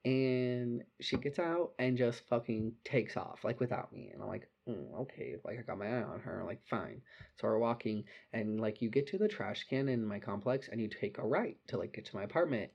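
Young adult man, animated casual storyteller, heavy filler and cursing, muffled recording. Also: mid-range voice, normal speed, creaky, breathy edge. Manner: animated, swearing, lots of "like".

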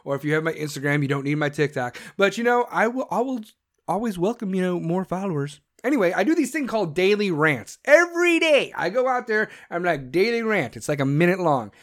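A man with a notably high-pitched voice hosts his own podcast, talking straight to his listeners. He rants in a brash, swaggering way and swears freely. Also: sing-song, brisk, a bit bright. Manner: brash, profane, ranting. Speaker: podcast host. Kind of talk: casual solo podcast monologue.

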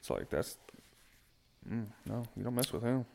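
A man's voice: medium pitch, expressive, moderate pace, gravelly, dark tone. A man hosting a casual chat, rambling and swearing, often trailing off.

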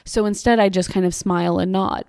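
A woman's voice: mid-range voice, fairly even intonation, fairly quick, darkish tone, dry recording, clean studio sound. A young woman hosting her own podcast, chatting casually and ranting about pet peeves, swearing and saying "like" a lot. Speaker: podcast host. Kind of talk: casual solo podcast chat.

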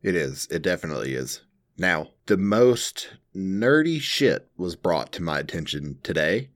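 A man with a deep voice that swings widely in pitch co-hosts a casual podcast. He rambles with plenty of fillers and breaks into laughter often. His voice sounds slightly worn. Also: very animated, unhurried. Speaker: podcast co-host. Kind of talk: casual chat.

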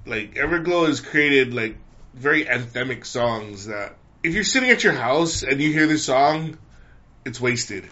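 A man co-hosting a podcast in casual chat, opinionated and animated. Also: mid-range voice, unhurried, lo-fi sound. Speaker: podcast co-host.

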